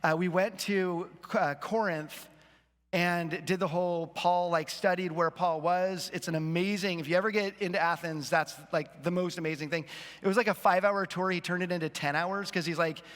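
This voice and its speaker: A man's voice: high voice, steady tone, normal speed, a bit bright. A man in his fifties, a pastor telling a self-deprecating story in a sermon to his church. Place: church auditorium. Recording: long hall reverb.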